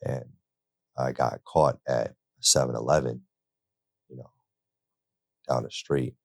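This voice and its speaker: Young guy with a super deep gravelly voice, laid-back storytelling, dry close sound. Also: fairly even intonation, slow, no echo. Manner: laid-back and conversational, full of "like" and "right?". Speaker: guest telling his story. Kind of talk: casual storytelling. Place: interview studio.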